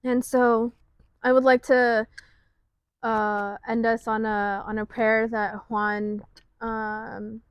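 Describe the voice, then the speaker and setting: Slow, soft-spoken woman co-host. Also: on the high side, level tone, clean tone, no echo, dull audio. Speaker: podcast co-host. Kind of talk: casual faith talk.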